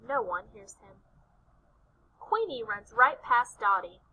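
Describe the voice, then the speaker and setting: Woman teacher, kids' alphabet lesson, bright tone, slow sing-song delivery, high voice. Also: very animated, husky, poor audio. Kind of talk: online alphabet lesson for young children. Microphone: home recording.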